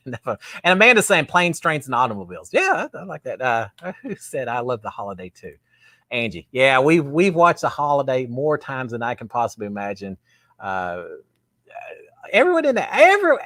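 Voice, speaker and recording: A man's voice: mid-range voice, fairly bright tone, dry recording, studio quality. A man hosting a live show, chatting casually and reading viewer comments in a rambling, self-deprecating way with frequent laughs. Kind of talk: casual live-stream chat.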